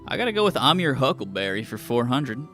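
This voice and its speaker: A man's voice: medium pitch, sing-song, quick pace, a bit bright, faint music behind. A man streaming a trivia game, casually joking with chat and reading clues aloud. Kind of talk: casual live-stream commentary.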